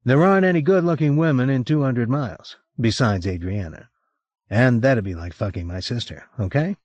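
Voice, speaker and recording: A man's voice: mid-range voice, expressive, moderate pace, a little mellow, dry recording, voice pushed up, natural voice. A man voicing a crude, mocking male crew member in an audiobook. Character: loose-talking male photographer's assistant, crude and mocking. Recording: dull lo-fi cassette recording.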